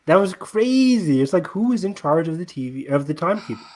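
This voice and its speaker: A man's voice: high-pitched, very animated, fairly quick, darkish tone. Jokey man in casual chat. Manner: jokey, laughs often. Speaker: podcast co-host.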